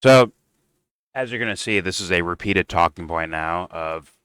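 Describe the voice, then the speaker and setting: A man's voice: deep voice, normal speed, background noise. A man giving heated, profane commentary while reacting to political clips.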